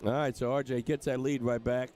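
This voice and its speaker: A man's voice: mid-range voice, level tone, brisk, darkish tone. An older man from England commentating live on darts, in a chatty, joking way. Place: streaming booth at a dart tournament.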